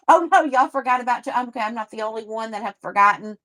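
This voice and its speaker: A woman's voice: on the high side, fast, few pauses, fairly bright tone, dry recording. A woman, chatting casually and rambling as she hosts a livestream and answers viewer comments. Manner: rambling and chatty, with frequent restarts and a drawl. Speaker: livestream host.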